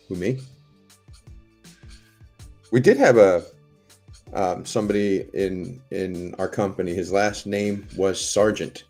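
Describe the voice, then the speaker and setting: Deep-voiced chatty middle-aged man. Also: slow, pauses often, darkish tone, faint music behind. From United States. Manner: rambling, profane, chatty storytelling. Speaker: livestream host. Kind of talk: casual chat to a live audience.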